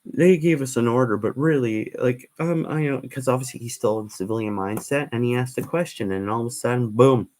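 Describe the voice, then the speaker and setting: A man's voice: medium pitch, a little fast, hardly any pauses, a little mellow. A man hosting a livestream, telling stories in a casual, meandering way with many ums and restarts. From Canada. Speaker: livestream host. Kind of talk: rambling livestream storytelling.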